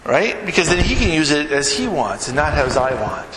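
A man's voice: fairly high pitch, big pitch swings, moderate pace. Man preaching in an echoey hall. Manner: conversational preaching, frequent "right?" tag questions. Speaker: pastor. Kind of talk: sermon. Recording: echoey hall with background noise.

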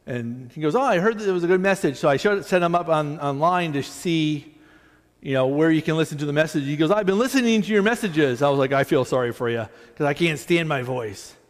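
Male pastor, conversational sermon delivery, self-deprecating asides, fairly high voice, reverberant church hall. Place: church sanctuary.

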